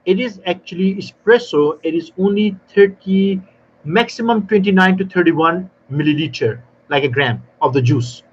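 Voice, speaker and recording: A man talking as a guest expert in a live panel, telling lively stories and explaining in non-native grammar, often acting out little exchanges. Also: high voice, normal speed, dull audio, a little hiss or hum. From South Africa. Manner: animated storyteller, non-native grammar, acts out dialogue. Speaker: barista trainer guest.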